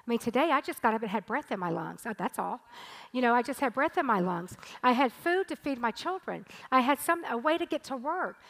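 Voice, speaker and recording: A woman in her sixties preaching a sermon as a pastor, reading scripture and then speaking in an animated, emphatic way. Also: sits high, fairly quick, low-quality recording. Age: 60s. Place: church stage.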